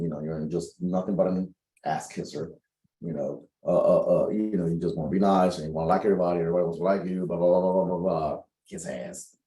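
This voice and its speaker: A middle-aged man, a spiritual coach, giving a tarot reading with animated, preachy storytelling and calling listeners baby. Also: deep voice. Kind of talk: casual tarot reading monologue. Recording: echoey room.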